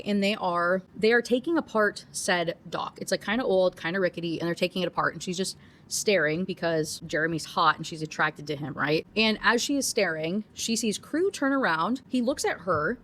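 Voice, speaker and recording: A young woman giving a casual, chatty book review rant, full of asides and fillers. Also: medium pitch.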